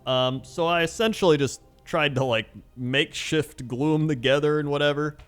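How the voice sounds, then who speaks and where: A man's voice: a little high, moderate pace, fairly bright tone, clean tone, soft background music. A man in his thirties, hosting a hobby channel, telling a rambling personal story in casual chat with fillers and frequent laughs. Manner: rambling, chatty, laughs often, many fillers.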